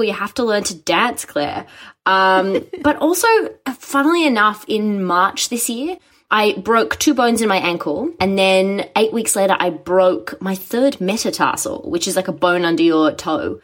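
A young woman talks in a casual interview, animated and quick to laugh. Her pitch sits in the middle of the range. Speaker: guest, musical writer.

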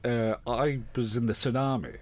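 A man's voice: mid-range voice, steady tone, normal speed. A man hosting a casual comedy podcast chat, teasing his guests with dry quips. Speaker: podcast host.

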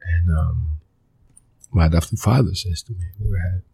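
Gravelly low-voiced man. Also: dark tone. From Mali. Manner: earnest, halting, with many restarts and short fragments. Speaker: interview guest, former pro soccer player. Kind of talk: personal storytelling in a conversational interview.

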